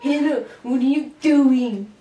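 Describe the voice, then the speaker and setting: A woman putting on the voice of an impatient man nagging his partner to clean faster. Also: sits high, mellow, reverberant, recorded from a distance. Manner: nagging, exaggerated, raised voice.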